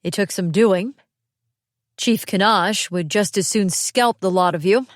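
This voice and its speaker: A woman voicing a smooth, calculating male militia general in an audiobook, speaking in a measured, coolly persuasive, folksy way. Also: mid-range voice, no echo, clean studio sound, close to an everyday voice. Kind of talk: audiobook character reading.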